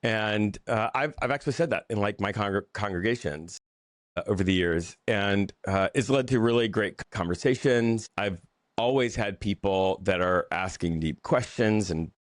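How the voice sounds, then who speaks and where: Pastor guy chatting about his life, lowish voice, keeps restarting, dry close mic. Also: no room sound. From Southern United States. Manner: halting, restarts and repeated words. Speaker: pastor and author. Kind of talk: casual interview chat.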